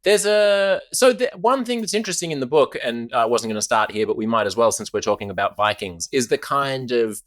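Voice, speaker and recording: A man hosting an interview podcast, animated, laughing often and restarting his sentences. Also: medium pitch, a little fast, hardly any pauses, dry recording, studio quality. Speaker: podcast host. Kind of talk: conversational interview. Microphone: studio microphone, headphones.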